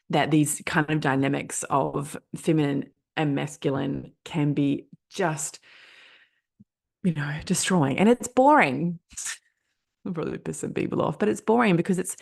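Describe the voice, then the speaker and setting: Host, female, 30s, New Zealand accent, lowish pitch, emphatic repetitive motivational monologue with casual swearing. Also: creaky, darkish tone. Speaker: podcast host.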